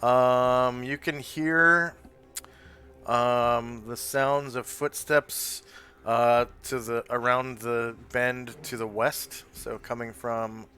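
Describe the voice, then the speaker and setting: A man's voice: mid-range voice, fairly even intonation, very slow, sharp tone, soft background music. A man narrating a tabletop game as game master, hesitant and full of fillers.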